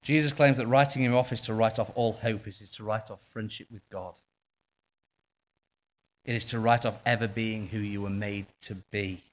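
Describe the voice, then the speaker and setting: A man with an English accent preaching a sermon in church, impassioned, swinging between quiet passages and loud ones. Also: on the low side, fairly even intonation, moderate pace. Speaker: pastor.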